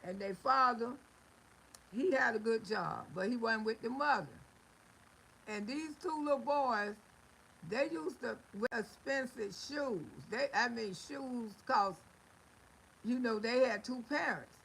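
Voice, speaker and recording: Auntie type on a live stream, high raspy voice, bright and sharp, fussing at folks and telling stories. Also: female voice, unhurried, a little hiss or hum, rough recording. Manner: folksy, scolding, storytelling with laughs and exclamations. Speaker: livestream host. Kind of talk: casual livestream talk to viewers.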